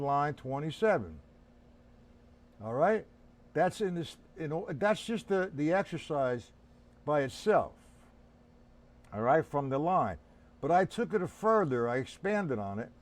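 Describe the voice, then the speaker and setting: An older man teaching a live-streamed drum lesson, chatty and instructive, calling on viewers by name, with drumming behind him. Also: fairly high pitch.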